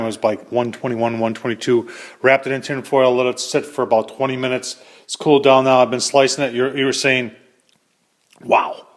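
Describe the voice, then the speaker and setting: A middle-aged man hosting his own cooking videos, talking in a folksy, chatty way and calling his viewers folks. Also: mid-range voice. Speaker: cooking channel host. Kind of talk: casual cooking demo to camera.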